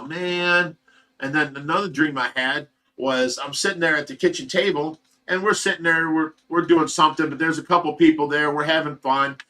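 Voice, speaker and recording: A livestream host talks in a rambling, heartfelt way, sharing an emotional personal update. His voice sits a little high for a man and has a bright, forward edge. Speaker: livestream host of a fish rescue. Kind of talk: casual livestream chat.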